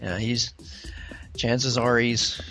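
A man's voice: medium pitch, level tone, slow, fairly bright tone, soft background music. A man with a Southern US accent co-hosting a gaming podcast, joking and rambling in casual chat. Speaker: podcast co-host.

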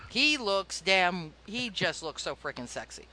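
A woman's voice: lowish voice, big pitch swings, a little slow, bright, forceful tone. A woman co-hosting a casual gaming podcast, playfully grumbling and laughing often. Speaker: podcast co-host.

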